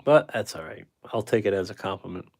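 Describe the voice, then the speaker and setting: A man's voice: fairly low pitch, a little fast, gravelly, a little mellow. A man hosting a painting livestream, chatting casually with viewers and musing self-critically about his work.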